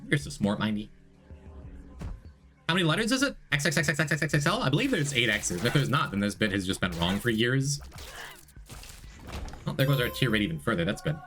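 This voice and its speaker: A male streamer with a bright, forceful voice that swings widely in pitch as he rambles. He chats casually while gaming, joking and answering chat, with faint music under him. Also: very animated, a little fast, long pauses.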